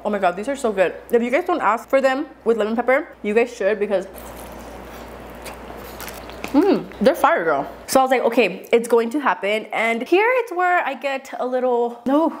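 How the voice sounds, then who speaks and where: A woman's voice: on the high side, lively intonation, moderate pace, slight background noise. A young adult woman chatting casually to her viewers while eating, emotional and full of fillers and restarts. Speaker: vlogger. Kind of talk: casual mukbang chat to camera.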